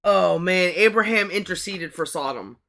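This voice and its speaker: A woman's voice: fairly low pitch, lively intonation, moderate pace, vocal fry, sharp tone. A woman hosting a livestream, casually reading scripture and giving blunt, profane commentary as she thinks aloud. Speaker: livestream host.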